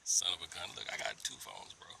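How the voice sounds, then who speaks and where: A man telling a story to a phone camera in a park, animated and dropping into whispered asides. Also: extremely low pitch, quick pace, creaky, slight background noise, low-quality recording. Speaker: vlogger. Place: outdoors in a park under a tree. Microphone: phone held at arm's length.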